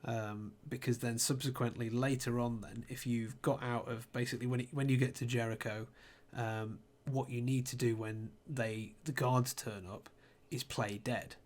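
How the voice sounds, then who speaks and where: A man's voice: medium pitch, flat delivery, moderate pace, few pauses. A man chatting on a podcast, recounting scenes in a rambling way with lots of ums and restarts. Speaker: podcast co-host. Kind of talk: casual chat.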